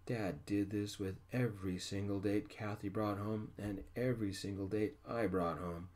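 A man reading a story aloud in a soft-spoken ASMR style. His voice sits very deep and low, and he keeps it gentle and hushed throughout. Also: fairly even intonation, moderate pace.

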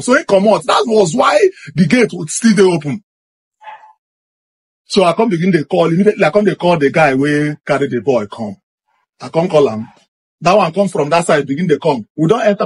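A man with a Nigerian accent, excitedly recounting a personal experience and acting out what happened. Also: on the high side, slightly rough. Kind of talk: animated first-person storytelling.

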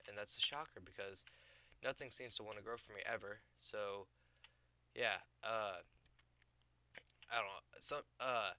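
A young man talks through his building game in a loose, rambling way, stopping often to hunt for words. His voice is very bright and clean, set a little low. He sounds tired, and keyboard clicks come from a desk mic. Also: unhurried, pauses often. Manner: rambling, loses his train of thought, many fillers. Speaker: gaming YouTuber. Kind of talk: casual gameplay commentary.

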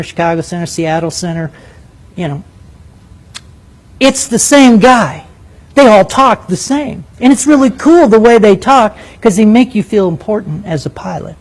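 An older man telling a flying story to a live audience, animated and vivid, with quick asides. His voice sits high for a man. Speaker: former military pilot and speaker.

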